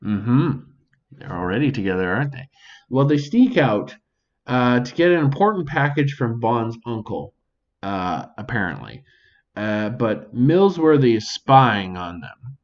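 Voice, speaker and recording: Slow, animated man podcasting alone. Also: medium pitch, dull audio. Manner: animated, swears freely, addresses imagined audience. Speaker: podcast host. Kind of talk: casual solo podcast commentary. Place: home near a sink.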